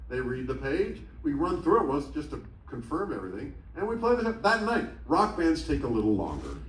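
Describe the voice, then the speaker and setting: A man telling stories to a theatre audience in an animated, comic and profane manner. He is heard through the speakers and recorded by a phone in the crowd. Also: a little high, brisk, reverberant, far from the mic, slight background noise, low-quality recording. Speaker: stage storyteller. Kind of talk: solo speaking show. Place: large theatre. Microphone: stage PA, taped on a phone in the audience. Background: faint audience ambience.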